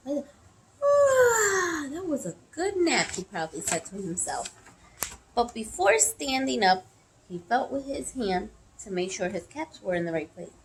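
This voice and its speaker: Brief: woman storyteller for kids, slow and animated, pitch swooping all over. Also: a little hiss or hum, poor audio. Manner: expressive, gasping at story moments. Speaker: storyteller for children. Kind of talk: reading a picture book aloud.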